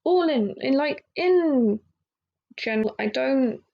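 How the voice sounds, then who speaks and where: Young woman podcast host, slightly high voice, candid, rambling, filler-heavy. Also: lively intonation, slow pace, dull audio. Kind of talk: casual solo podcast monologue.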